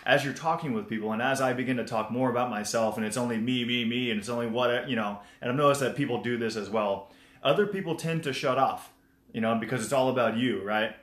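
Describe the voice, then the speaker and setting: A man's voice: medium pitch, fast, a bit bright. A man hosts a casual live stream full of friendly tips. He talks in a mid-range voice, greets viewers by name and loops back over his points. The room gives his voice a noticeable echo. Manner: chatty, repeats himself, greets viewers. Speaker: motivational livestream host. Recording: roomy echo.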